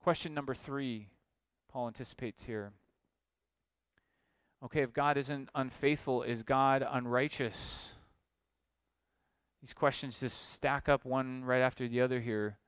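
A man preaching an expository sermon, emphatic and building to forceful points. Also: mid-range voice, steady tone, unhurried, pauses often, clear, resonant tone, no room sound. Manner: emphatic, rising to forceful exclamations.

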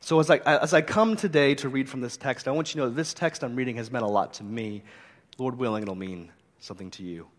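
A man's voice: mid-range voice, quick pace. A middle-aged man, a pastor, preaching a sermon in an earnest, conversational way and mixing scripture reading with light humor. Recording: long reverb of a hall.

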